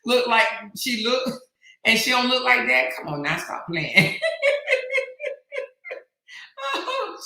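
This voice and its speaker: Loud, laughing woman host in an echoey room. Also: a little high. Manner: loud, laughing, teasing, swearing. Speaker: commentary channel host. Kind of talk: casual gossip chat reading live comments.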